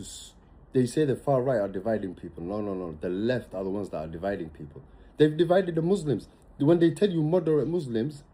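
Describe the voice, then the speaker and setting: A man's voice: medium pitch, dark tone, slightly rough. A man giving an emphatic, repetitive, opinionated monologue, ranting and hammering his points.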